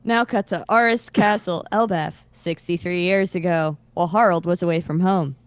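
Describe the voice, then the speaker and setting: A woman's voice: on the low side, normal speed, smooth, no echo. A woman co-hosting a podcast, casually recapping a comic chapter in a playful way. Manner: playful, animated, reads quotes in put-on voices. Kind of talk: casual chat, acting out lines while recapping.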